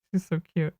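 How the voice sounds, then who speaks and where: A woman streamer giving chatty, self-mocking let's-play commentary. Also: fairly bright tone.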